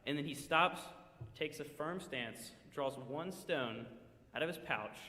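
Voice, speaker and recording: In a church sanctuary, a man tells a sermon story vividly in the second person, adding quoted asides. His voice is a little high, pushed and bright, and he takes it slowly, with the echoey hall giving long reverb.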